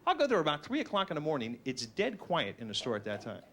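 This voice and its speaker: A man doing a stand-up routine, self-mocking and animated, slipping into silly voices. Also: a little high, quick pace, slight background noise. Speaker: stand-up comedian.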